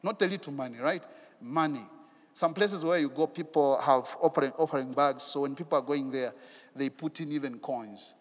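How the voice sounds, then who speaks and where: A man preaching a sermon in an animated way, asking rhetorical questions and repeating his phrases. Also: mid-range voice, moderate pace, big-room sound.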